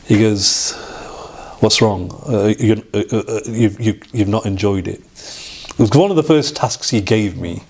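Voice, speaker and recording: A middle-aged man, an interview guest telling a personal story in a halting way, with restarts and acted-out quoted dialogue. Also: fairly low pitch, a little mellow, slightly rough.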